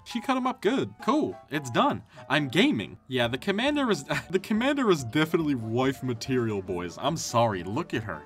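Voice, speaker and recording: A young man giving casual, joking commentary over a video game, with excited outbursts. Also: a little high. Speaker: gaming YouTuber. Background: game music.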